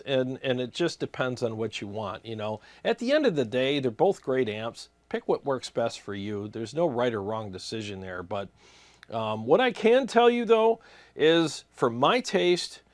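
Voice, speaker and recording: A man's voice: mid-range voice, dry recording. Chatty man, dry close sound. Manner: casual, rambling, with many fillers and restarts. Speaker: guitar gear channel host. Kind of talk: casual chat answering viewer comments.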